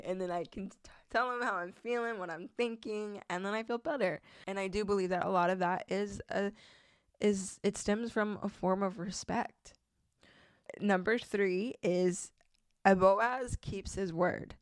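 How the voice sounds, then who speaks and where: A young woman talks through faith-based relationship advice in a relaxed, chatty way, with a slightly low voice. She laughs easily between points. The sound is dry and close. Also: normal speed, no room sound. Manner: casual, chatty, laughs often, reads scripture aloud. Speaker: podcast host.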